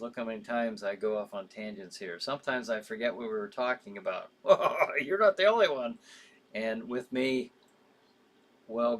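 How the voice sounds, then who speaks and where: A man's voice: on the low side, a bit bright. A man hosting a live show in casual chat, reading out viewer comments with sympathy, rambling with frequent fillers and easy laughs.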